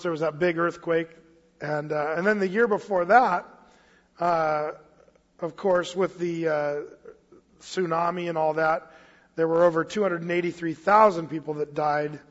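A fairly high-voiced man preaching in an easy, chatty way, slowing down whenever he reads scripture aloud. His voice carries a long hall reverb, and the recording sounds slightly muffled. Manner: casual, storytelling, reads scripture slowly. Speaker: pastor. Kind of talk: expository sermon.

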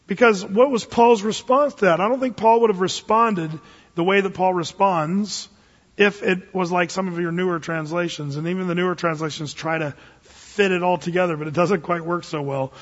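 Husky-voiced pastor preaching in a reverberant hall. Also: male voice, sits high, steady tone, normal speed. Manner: conversational, folksy preaching with dramatic Bible readings. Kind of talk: expository sermon. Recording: dull lo-fi recording with long reverb.

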